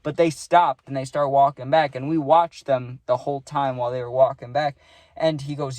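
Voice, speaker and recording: A man's voice: on the high side, fairly even intonation, brisk, a little mellow, no room sound. A young man telling a casual storytime, rambling with lots of "like" and "right?", and swearing freely.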